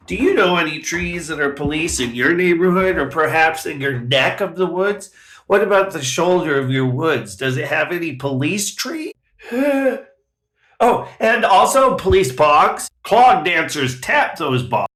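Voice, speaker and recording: A man telling short absurdist comedy bits in a deadpan manner, with sudden outbursts into silly voices. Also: fairly high pitch, normal speed.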